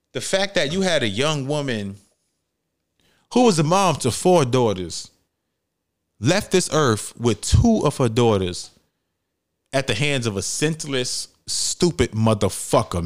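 A young man hosting a solo podcast, talking bluntly and heatedly with lots of swearing. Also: medium pitch. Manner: blunt, profane, heated commentary. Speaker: podcast host.

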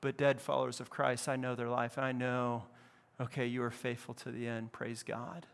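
A man pastor preaching a lively, conversational sermon in a church. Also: mid-range voice, moderate pace, creaky. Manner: conversational, animated preaching with casual asides. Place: church building.

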